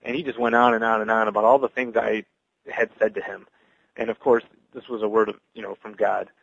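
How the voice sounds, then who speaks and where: A man's voice: fairly low pitch, level tone, fairly quick, vocal fry, slightly rough, dry recording, lo-fi sound. A man on a podcast giving an earnest personal testimony, stumbling and restarting his words with many fillers. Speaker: podcast guest sharing testimony.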